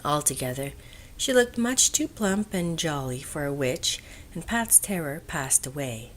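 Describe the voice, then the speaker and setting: Low-voiced woman reading a classic novel. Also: lively intonation, measured pace. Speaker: audiobook narrator. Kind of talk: scripted audiobook narration.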